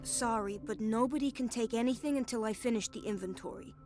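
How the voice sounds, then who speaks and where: A woman's voice: a little high, a little fast, music in the background, lightly acted. An actress voicing a curt, matter-of-fact woman nurse in a video game. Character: brisk rule-bound woman asylum nurse.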